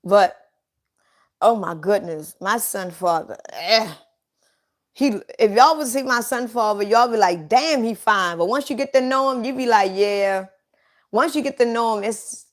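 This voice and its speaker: A woman's voice: on the high side, animated, moderate pace. A middle-aged woman chatting casually on a livestream, telling blunt, profane stories straight to her viewers.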